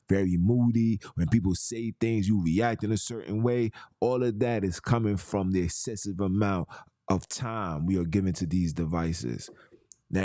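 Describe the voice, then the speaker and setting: A man's voice: sits low, a little mellow, no echo, studio quality. A man hosting a podcast, talking in a casual, emphatic monologue full of street slang and preachy asides. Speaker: podcast host.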